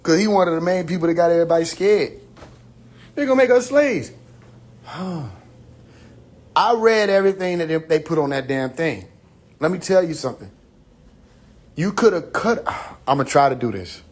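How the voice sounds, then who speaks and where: A man's voice: fairly high pitch, a little mellow. Profane, rambling man on a phone livestream. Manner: loose, rambling, profane, with quick asides and laughs. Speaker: livestream host. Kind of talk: casual livestream talk.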